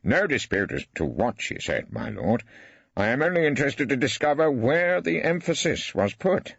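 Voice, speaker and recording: A man's voice: medium pitch, big pitch swings, normal speed, creaky, a bit bright, slightly rough, dry recording, voice pushed up, full character voice. A man playing a wry mock-polite barrister. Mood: ironic. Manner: arch, ironic courtroom questioning. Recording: dry, slightly dull studio.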